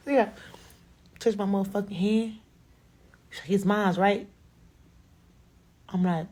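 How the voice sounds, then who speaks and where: A young adult woman with a Chicago accent telling a blunt, profane, animated story in a casual storytime to camera. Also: medium pitch. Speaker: rapper.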